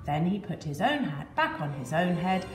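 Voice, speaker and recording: Expressive female storyteller, children's tale, roomy echo. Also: lowish voice, moderate pace, over music. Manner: lively, expressive, repeating rhythmic lists. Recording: echoey room, faint ambience.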